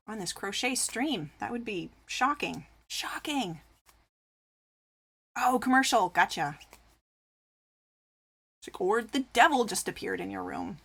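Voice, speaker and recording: A woman with a mid-range, fairly bright, slightly rough voice chats casually on a live crochet stream. Reading messages from viewers aloud, she answers each one and laughs frequently.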